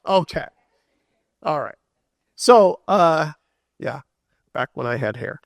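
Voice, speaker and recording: A man giving a conference keynote, telling a story in a loose, animated way with many fillers and restarts, acting out what people said. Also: a little high, slow, vocal fry, dry recording, studio quality. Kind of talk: storytelling talk.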